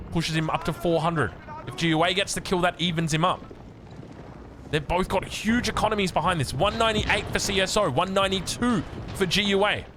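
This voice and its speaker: A man with an Australian accent casting a strategy game, excitable and chatting to the players, his voice jumping up when surprised. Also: high-pitched, a little hiss or hum. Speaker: game caster.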